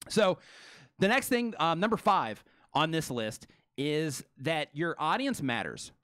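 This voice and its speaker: A man co-hosting a live stream, talking fast and energetically with many fillers like "you know" and "right". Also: fairly high pitch, very animated, a bit bright, no echo. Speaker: co-host.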